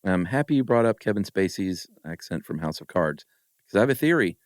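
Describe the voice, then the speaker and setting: A man co-hosting a podcast, laid-back and quick to laugh, reading listener mail in casual chat. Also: low voice, sing-song, no room sound, clean studio sound. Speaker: podcast co-host.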